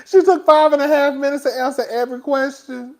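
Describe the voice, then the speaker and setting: A man hosting a casual talk stream, animated and sassy, laughing often as he chats. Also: very high voice, brisk. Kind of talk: casual commentary chat.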